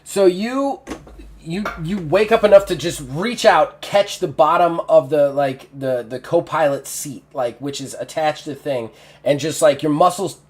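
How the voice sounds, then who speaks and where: A man's voice: on the high side, measured pace. A man running a tabletop game as game master, casual, swearing and laughing as he narrates.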